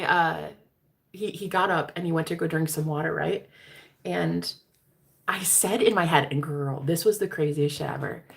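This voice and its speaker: A woman's voice: fairly low pitch, gravelly. A woman casually telling a personal story to her viewers, candid and profane, calling them girl. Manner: candid, profane, chatty, addresses listeners as girl. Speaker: tarot reader.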